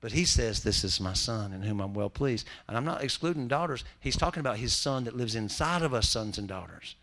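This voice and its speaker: A man preaching in a church. His delivery is folksy and humorous, and he swings from soft asides to loud, ringing lines. His pitch sits in a middle range for a man. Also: fairly quick. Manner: folksy, joking preacher with lively swings in loudness. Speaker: pastor. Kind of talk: sermon.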